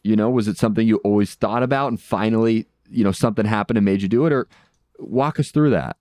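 A man hosting a casual interview, chatty and quick to laugh. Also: fairly low pitch, mellow, dry recording, studio quality. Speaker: interview host.

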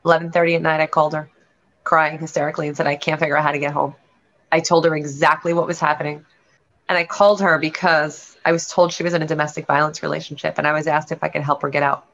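Low-voiced woman telling a candid story. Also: level tone, fast, a bit bright. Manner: earnest, rambling, restarts mid-thought. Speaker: realtor and show guest. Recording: lo-fi dull sound.

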